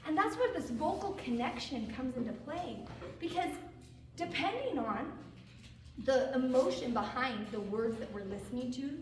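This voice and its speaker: A theater and vocal coach addresses a group of kids in a bright, high voice, animated and encouraging, often asking them questions at a normal speed. Recorded from far off, she sounds distant in a very echoey room with steady noise underneath.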